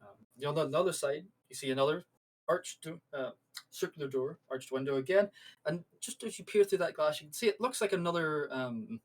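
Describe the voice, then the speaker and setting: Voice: medium pitch, brisk, poor audio. Casual rambling game master. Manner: casual, rambling, full of fillers. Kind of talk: narrating a tabletop game.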